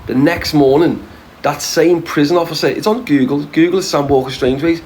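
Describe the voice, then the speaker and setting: A man's voice: on the high side, brisk, poor audio. A man with a Liverpool accent telling a brash, boastful story, swearing freely and rambling with restarts. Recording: steady background noise.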